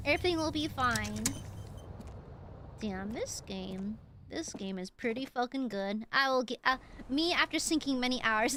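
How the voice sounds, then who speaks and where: High, lively woman streamer. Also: measured pace, background noise. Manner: chatty, excitable, laughs often. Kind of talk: casual gameplay commentary.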